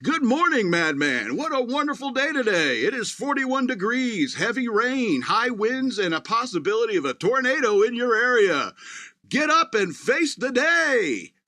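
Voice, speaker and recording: A man's voice: very high voice, sing-song, normal speed, pushed and bright, no echo, studio quality, voice pushed up, exaggerated voice. A man voicing a relentlessly cheerful male AI robot assistant that makes chirpy, upbeat announcements.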